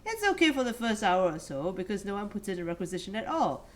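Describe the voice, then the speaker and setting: A woman's voice: medium pitch, sing-song, fast. A woman streaming a story game, reading its text aloud and chatting with self-deprecating humour. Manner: chatty, laughs at herself.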